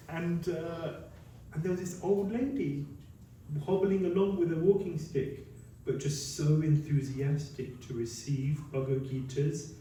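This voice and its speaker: Storytelling monk in an echoey hall. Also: male voice, a little high, a little slow, a little hiss or hum. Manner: lively anecdotal storytelling, acts out quotes. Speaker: monk giving a talk. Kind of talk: storytelling talk. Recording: very echoey hall, mic at a distance.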